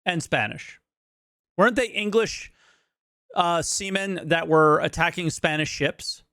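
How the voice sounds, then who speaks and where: A man co-hosting a stream who chimes in with blunt, excitable remarks. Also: fairly high pitch, measured pace, clear, resonant tone, no room sound, studio quality. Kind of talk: casual chat.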